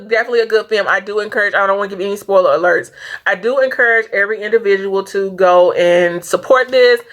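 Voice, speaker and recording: A woman's voice: mid-range voice, fairly bright tone. A woman vlogging a casual movie review, earnest and rambling, fighting back tears as she talks. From Saint Louis area. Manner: earnest, rambling, stops and restarts often. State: tearful, fighting back crying.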